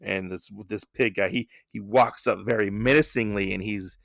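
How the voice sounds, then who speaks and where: A man's voice: lowish voice, steady tone, moderate pace, vocal fry, fairly bright tone, no room sound, clean studio sound. A man hosting a podcast, casually recapping a comic in a rambling way full of fillers and restarts. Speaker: podcast host.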